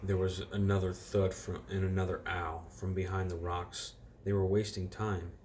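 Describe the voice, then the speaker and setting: Reading a chapter of a storybook to his children at home, a very deep-voiced man speaks at normal speed in a relaxed, informal way. When he slips, he corrects himself and rereads, and a faint noise hums in the background.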